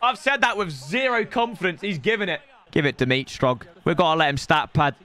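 A man's voice: fairly high pitch, expressive, a little fast, sharp tone. A man, commentating his own game on a live stream in an exasperated, ranting way.

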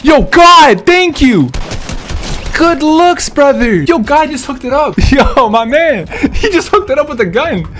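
A high-pitched, excitable young gaming YouTuber delivers gameplay commentary that's loud and jokey, swinging quickly into shouting. Game music and sound effects play behind him.

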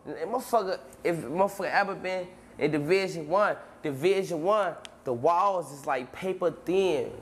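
A man telling a long story as an interview guest, in heavy street slang, acting out scenes with sudden shouts and voices. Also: on the high side, animated, normal speed, few pauses. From Chicago. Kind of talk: animated storytelling.

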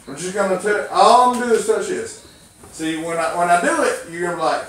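A man's voice: sits high, very animated, moderate pace, a bit bright. A man performing as a children's clown and magician, teasing and coaxing a child in folksy playful banter. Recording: echoey room, mic far off.

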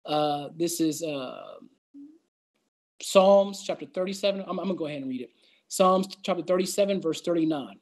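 A man's voice: fairly high pitch, moderate pace. A man leading a Bible study, speaking casually, reading verses aloud and acting out doubting voices to make his point. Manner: conversational, reads scripture aloud and acts out doubters' voices. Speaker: Bible teacher.

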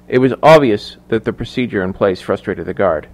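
A man narrating a thriller audiobook in measured, even storytelling. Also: on the low side. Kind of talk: scripted narration.

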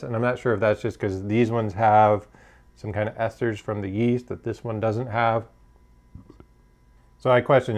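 A man hosting a homebrewing channel, casually reviewing his beers in a hesitant, hedging way, full of fillers. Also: medium pitch.

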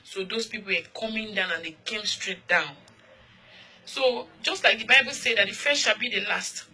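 A woman's voice: medium pitch, normal speed, bright, forceful tone, slight background noise, poor audio. A woman recounting a dream of the end times as an earnest, repetitive testimony, pleading with her listeners. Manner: pleading exhortation.

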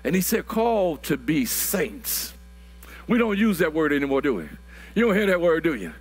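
A man, preaching a sermon that builds to shouted, drawn-out phrases, often repeating words. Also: fairly high pitch, very animated. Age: 60s.

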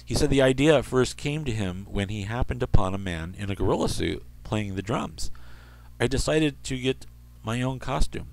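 A man hosting an internet radio show, reading odd news stories in a rambling way and slipping into soft asides. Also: medium pitch, lively intonation, normal speed, vocal fry.

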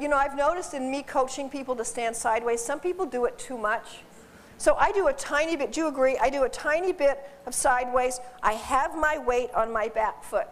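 A woman who works as a dog behavior consultant, giving a seminar in a chatty, animated way, laughing often and repeating her words. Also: on the high side. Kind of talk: informal seminar talk. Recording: distant voice in a reverberant hall.

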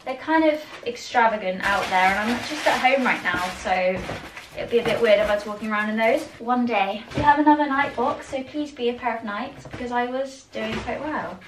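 A young British woman vlogging casually about her sneakers, chatty and gushing with quick asides. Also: fairly high pitch, echoey room, distant mic, noisy background. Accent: British English. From England. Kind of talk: casual sneaker collection haul.

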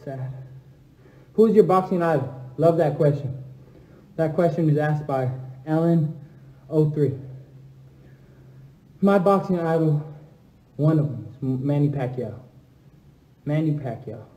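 A young man chatting casually on a phone livestream alone in an empty house, shifting between low, subdued talk and loud, hyped trash talk. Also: slow pace, long pauses. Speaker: livestream host answering fans. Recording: echoey room.

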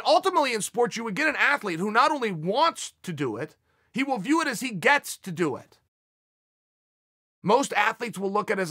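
A man's voice: extremely high pitch, bright, forceful tone, no echo, clean studio sound. A man giving a blunt, emphatic motivational speech, swearing now and then for emphasis. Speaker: motivational speaker.

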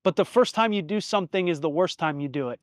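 A man's voice: on the high side, quick pace, dry recording, studio quality. A man in his thirties hosting his own podcast, telling stories and reflecting in an earnest, heartfelt way, with casual swearing. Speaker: podcast host. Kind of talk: reflective solo podcast monologue.

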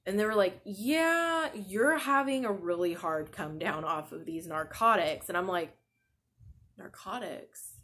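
Woman in her thirties, podcast host, casual rambling chat, full of filler words, sleep-deprived, medium pitch. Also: measured pace, hardly any pauses, fairly bright tone. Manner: chatty, rambling, peppered with "like". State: sleep-deprived new mother.

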